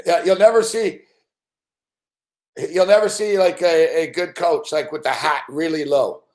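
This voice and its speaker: A man's voice: a little high, measured pace, darkish tone. A man giving a live sports betting rant, profane and exasperated.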